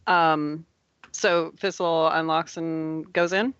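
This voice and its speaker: Game master, rambling casual narration, crisp bright tone, muffled lo-fi recording. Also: medium pitch, steady tone, slow, dry recording. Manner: laughs often, loose rambling narration.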